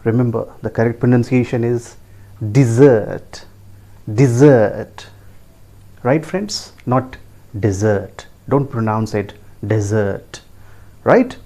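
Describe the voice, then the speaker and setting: A man with an Indian English accent gives a pronunciation lesson in a warm, mellow voice. He spells words out letter by letter and repeats each key word. He keeps checking in with his listeners through bright, rising questions. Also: mid-range voice, a little slow.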